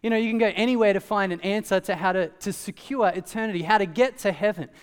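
A man preaching a sermon as pastor, in a conversational, animated way with asides. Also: high-pitched, fast talker, smooth, long reverb tail.

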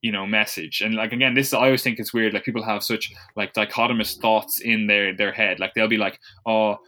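Casual male co-host, bright edgy tone, profane, rambling, sarcastic mimicry. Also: lowish voice, steady tone, fairly quick. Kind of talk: casual chat.

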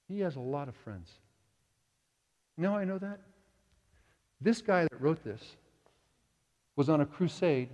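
A man preaching a sermon in a church, telling stories with lively quoted voices. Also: a little high, highs cut off. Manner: animated storytelling with quoted voices. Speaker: pastor. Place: church sanctuary. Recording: church hall reverb.

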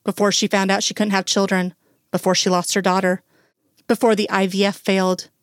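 A woman reading fan fiction aloud in a slow, soft, emotional way. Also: medium pitch, little pitch movement, dry recording, clean studio sound. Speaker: reader.

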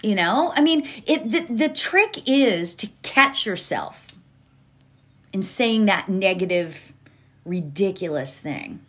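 A woman's voice: mid-range voice, animated, takes it slowly. A woman hosting a motivational podcast, talking casually and directly to her listeners with frequent laughs. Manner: chatty, laughs often, addresses listeners directly. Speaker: podcast host.

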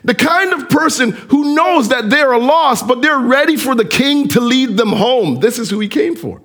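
A man preaching a sermon as pastor, animated and addressing the congregation with direct questions. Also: extremely high pitch, moderate pace.

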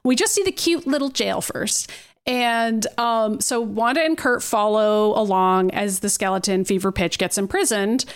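A woman's voice: mid-range voice, normal speed, clean tone. A young adult woman co-hosting a podcast, recapping a cartoon episode in casual, incredulous chat full of "like". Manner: animated, incredulous, lots of "like". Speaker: podcast co-host.

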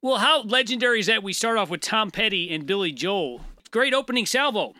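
A man's voice: high voice, animated, fairly quick, bright, forceful tone, dry recording. A man co-hosting a casual chat, laid-back and blunt.

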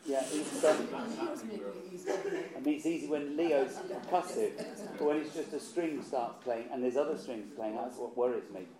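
A man's voice: medium pitch, steady tone, normal speed, a crowd in the background. Male choir director, chatty and encouraging, echoey rehearsal room, group noise behind. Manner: chatty, encouraging, repeats words while thinking. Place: rehearsal hall.

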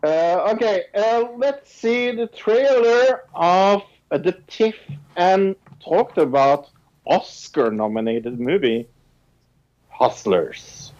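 Slow-talking man on muffled lo-fi audio. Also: high voice, expressive, darkish tone. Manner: slow, laughs easily, blunt. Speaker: podcast co-host. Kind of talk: casual movie review chat.

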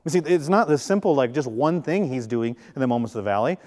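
A man's voice: medium pitch, lively intonation, quick pace, a little mellow. A male pastor giving a sermon in a conversational way, with jokes and acted-out quotes. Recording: long reverb of a large hall.

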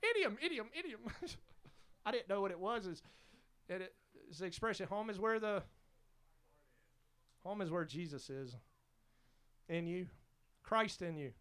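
A man's voice: sits high, unhurried, pauses often, a bit bright, smooth. A man preaching a sermon as pastor, fervent and emphatic, repeating his exhortations.

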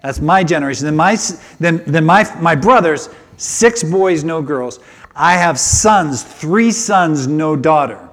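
High-voiced emotional older male preacher. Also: a little slow. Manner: emotional, animated preaching with repetitions. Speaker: pastor. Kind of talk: sermon.

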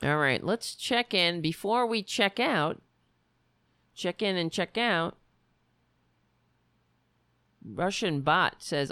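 Livestream host, unhurried and gravelly, thinking aloud over the chat feed; dry close sound. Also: mid-range voice, animated, a bit bright, no echo. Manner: slow, musing, halting as they read comments aloud.

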